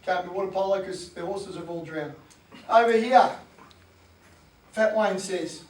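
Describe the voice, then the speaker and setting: A New man gives an animated motivational talk to fellow coaches, slipping into voices as he goes. His voice sits high for a man. The sound echoes around the room, and the mic is set back from him. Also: a little slow, long pauses, distant mic. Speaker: sports coach and presenter.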